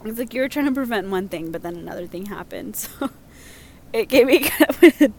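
A woman's voice: on the high side, lively intonation, a little fast. A young woman casually reading out listener stories, chatty and prone to giggling. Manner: giggly, chatty, lots of fillers. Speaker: host reading listener submissions. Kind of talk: casual chat.

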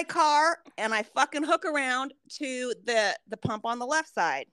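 High, bright-voiced profane woman storyteller. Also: animated, normal speed, hardly any pauses, smooth, dry recording. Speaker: podcast co-host. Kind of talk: casual chat.

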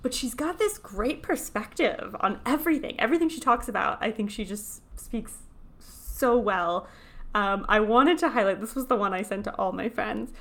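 A woman hosts a podcast in relaxed, casual chat. She talks animatedly and keeps circling back with "like" as she thinks aloud. Her voice sits at an ordinary middle pitch. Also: normal speed. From New York. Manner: chatty, animated, full of "like" asides. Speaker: podcast host.

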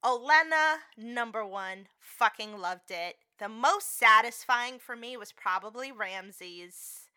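A woman co-hosting a podcast in casual chat, profane and emphatic. Her voice is smooth and bright and sits fairly high. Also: lively intonation, takes it slowly, few pauses. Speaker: podcast co-host.

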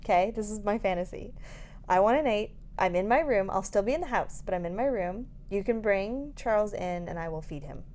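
Talking a little fast in a medium-pitched voice, a thirtysomething mother of babies shares a frank story over casual chat. Her animated telling is full of laughter, open swearing and acted-out quotes.

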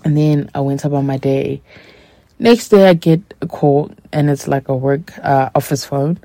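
A woman with a low, mellow voice tells a personal story in a relaxed, candid monologue. She speaks straight to her listeners. The sound is dry and close. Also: moderate pace, no room sound. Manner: candid, chatty, acts out quoted dialogue; addresses listeners directly. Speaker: podcast host.

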